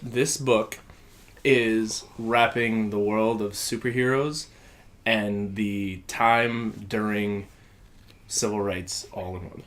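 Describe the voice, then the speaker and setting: A man's voice: lowish voice, steady tone, slow pace, a bit bright. A man co-hosting a casual comics podcast, speaking loosely and hesitantly. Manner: loose, hesitant, lots of fillers. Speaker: podcast co-host. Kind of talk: casual chat.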